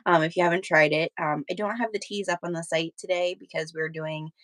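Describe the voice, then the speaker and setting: A woman's voice: fairly low pitch, fairly even intonation, fairly quick, fairly bright tone, no room sound. A woman hosting a live sewing stream, chatting casually with viewers while she has the hiccups. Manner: chatty, many fillers and restarts. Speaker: sewing livestream host.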